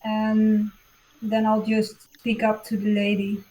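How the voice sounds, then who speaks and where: A woman's voice: medium pitch, completely flat delivery, takes it slowly, mellow, poor audio. A woman playing a tabletop role-playing game, speaking plainly and asking questions in character. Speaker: player.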